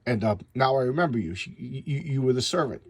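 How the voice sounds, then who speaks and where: A man reading aloud the lines of a determined female sorceress questioning a suspect, in a husky voice. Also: mid-range voice, animated, fast talker, no echo. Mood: accusing.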